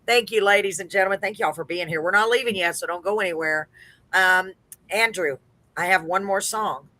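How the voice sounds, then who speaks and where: A woman's voice: medium pitch, brisk, bright, forceful tone, dry recording. A woman from Texas with a faint Texas accent, hosting a live web radio chat show, gushing, laughing often and chatting away. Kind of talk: casual chat.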